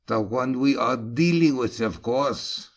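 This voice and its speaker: An actor playing a priest's impatient, brusque friend in a full-cast audiobook. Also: male voice, low-pitched, animated, a little slow, creaky, a little mellow, full character voice.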